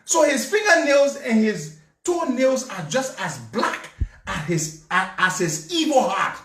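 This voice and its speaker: A man's voice: very high voice, animated, a little slow, fairly bright tone, slight background noise. A man with a Liberian English accent telling a mocking political story, laughing often as he goes. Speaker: political commentator. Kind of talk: storytelling commentary. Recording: echoey room, far from mic.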